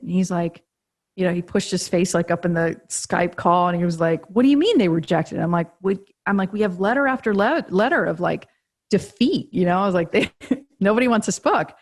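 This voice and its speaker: A woman guest on a podcast interview, telling a story animatedly, laughing often and acting out quoted dialogue. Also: lowish voice. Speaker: guest, agency co-founder and author. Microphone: podcast remote call.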